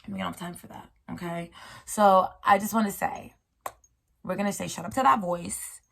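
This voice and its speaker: A woman's voice: mid-range voice, brisk, creaky, a bit bright. A woman hosting a casual solo chat about spirituality, rambling and playful, with slangy, encouraging talk to her listeners. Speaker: host.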